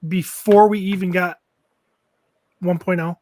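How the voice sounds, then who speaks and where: A middle-aged man on a podcast as a guest, recalling things haltingly and restarting his sentences. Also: sits high, steady tone, darkish tone, no room sound. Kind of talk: casual chat.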